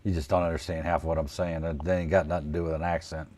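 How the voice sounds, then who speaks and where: A man's voice: a bass voice, flat delivery, very fast, darkish tone, a little hiss or hum. A man from Ohio hosting a casual trading livestream, folksy and joking, calling himself plain redneck. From Ohio, United States. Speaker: trading coach host.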